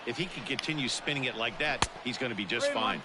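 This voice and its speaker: A man voicing a video game's color commentator, giving measured, analytical baseball commentary. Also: medium pitch, heavy background noise, lightly acted.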